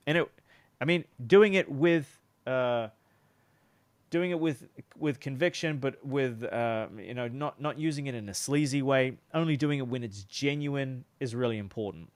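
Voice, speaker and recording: A man's voice: medium pitch, moderate pace. Man giving a casual sales lesson. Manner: conversational, demonstrates tones of voice. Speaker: sales coach. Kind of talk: casual instructional talk.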